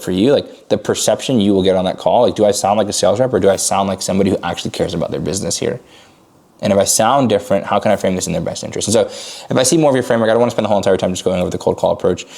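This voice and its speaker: A man running a sales coaching call, talking fast and casually with many "like" fillers and bursting into high energy when he acts out calls. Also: vocal fry, a little mellow.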